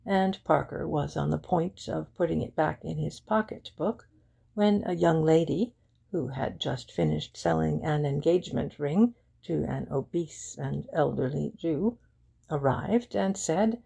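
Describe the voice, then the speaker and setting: A woman reading a detective novel aloud as audiobook narrator, in a measured, even manner. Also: low voice. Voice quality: gravelly, husky. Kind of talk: scripted narration.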